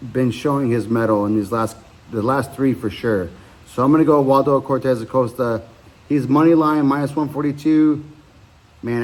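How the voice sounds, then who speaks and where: A man hosts his own podcast and talks through betting picks alone in a loose, casual way. He rambles, stops to correct himself and fills the gaps with ums and uhs. His voice sits at a middle pitch for a man. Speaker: podcast host giving fight picks. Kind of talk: casual solo betting breakdown.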